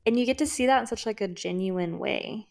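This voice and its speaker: A woman's voice: fairly high pitch, a little fast, creaky, darkish tone. A young woman co-hosting a podcast, chatting enthusiastically about a book with lots of filler words. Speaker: podcast co-host. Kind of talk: casual book chat.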